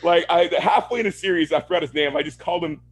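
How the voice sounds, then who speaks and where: A fast-talking man with a fairly high voice co-hosts a podcast. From Florida, USA, he rants in an easygoing chat peppered with swearing and laughter.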